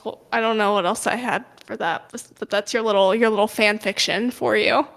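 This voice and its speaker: A woman's voice: medium pitch, fairly even intonation, a little fast, fairly bright tone. A young woman co-hosting a podcast in casual chat, playful and teasing, often restarting her sentences. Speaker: podcast co-host.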